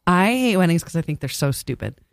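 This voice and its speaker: A woman's voice: on the low side, very animated, fairly quick, gravelly. A young woman co-hosting a casual chat, talking bluntly with plenty of swearing and laughter. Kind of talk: casual chat reacting to a video.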